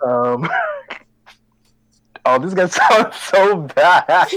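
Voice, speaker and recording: A young man chatting as a podcast guest, giggling often and tripping over his words. His intonation swoops up and down in a lively way. The recording is dry and close, with no room sound. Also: high voice, extremely slow, no room sound, poor audio. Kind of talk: casual interview chat.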